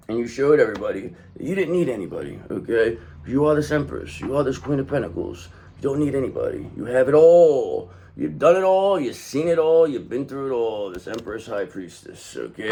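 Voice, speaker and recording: A man giving a casual tarot reading, talking in an emphatic, profane, streetwise way and swinging between loud bursts and low asides. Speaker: tarot reader.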